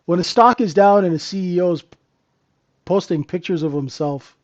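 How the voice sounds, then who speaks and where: A man's voice: sits high, normal speed, dull audio. A man hosting a live trading room, giving casual, joking market commentary and answering viewers by name. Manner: chatty, joking, talks to chat viewers by name.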